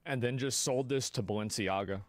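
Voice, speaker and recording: A streamer reacting in casual chat, rambling with restarts and climbing high when worked up. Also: a little fast, no echo.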